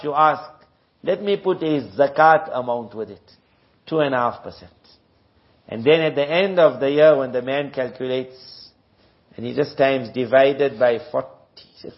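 A man from South Africa preaches a sermon, moving between storytelling and recited Arabic verses. His voice sits a little high, and the recording sounds dull and lo-fi.

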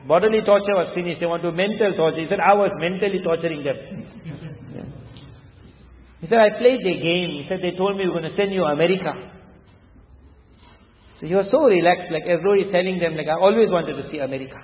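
A man's voice: sits high, brisk, pauses often. A man giving a sermon with storytelling, emphatic and repetitive, his voice rising sharply to stress points. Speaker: Islamic preacher. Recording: echoey hall, tinny phone-like sound.

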